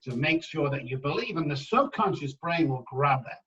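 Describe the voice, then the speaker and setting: A man with a fairly high voice talks as a podcast guest, leaning hard into his stories and repeating key lines for weight. He sounds a little off-mic, and the recording has a muffled, dull edge. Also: normal speed. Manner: emphatic, animated anecdotes. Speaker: guest addiction specialist. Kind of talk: podcast interview storytelling. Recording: slightly dull, distant mic.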